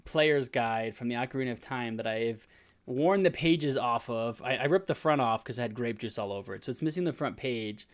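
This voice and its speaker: A man's voice: medium pitch, fairly quick. A man in his thirties, a podcast co-host, telling a long story in casual chat with many filler words and restarts. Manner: rambling storytelling with frequent "like" fillers.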